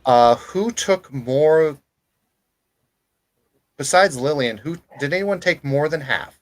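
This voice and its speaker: A man's voice: a little high, animated, slow pace, rough recording. A man running a tabletop role-playing game as game master, narrating casually with fillers and restarts.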